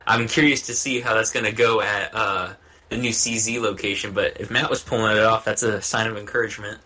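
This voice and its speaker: A man's voice: lowish voice, steady tone, a little fast, pushed and bright. A man hosting a casual chat, asking questions and summing up the answers. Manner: asks questions, sums up answers. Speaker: podcast host.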